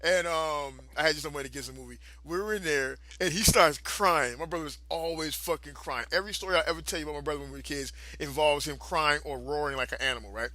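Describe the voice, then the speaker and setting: Male co-host, bright forceful voice, dry close sound, profane and laughing, rambling anecdotes. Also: a little high, quick pace, few pauses, dry recording. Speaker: podcast co-host. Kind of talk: casual storytelling chat.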